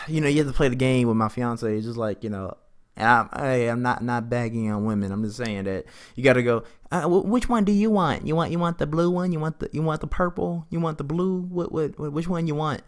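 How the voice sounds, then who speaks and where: Rambling, chatty young man. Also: a little fast. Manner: rambling, chatty, acts out both sides of conversations in a higher voice. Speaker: podcast host. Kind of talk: casual storytelling.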